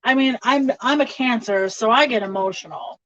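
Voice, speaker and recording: A woman's voice: fairly high pitch, normal speed, dry recording, dull audio. A woman tarot reader chatting casually on a livestream, laughing often between remarks.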